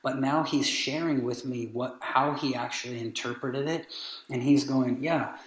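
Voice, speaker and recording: With a medium-pitched voice and a measured pace, this man earnestly recounts a family story in relaxed conversation. He acts out each person he quotes, and the recording carries a roomy echo.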